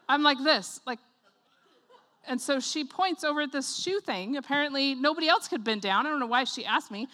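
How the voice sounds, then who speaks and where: High bright animated woman preacher. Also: a little fast. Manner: animated storytelling, acts out voices, laughs often. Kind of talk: sermon with personal story.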